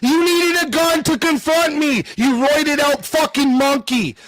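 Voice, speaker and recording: A man's voice: very high voice, fairly even intonation, a little slow, a bit bright, a little hiss or hum. A man in a heated argument, aggressive and profane, talking over the others. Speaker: debate participant.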